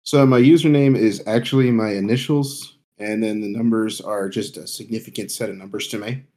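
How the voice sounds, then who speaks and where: A man's voice: on the low side, steady tone, fairly quick, dark tone. A man talking plainly as a guest on a casual streaming podcast.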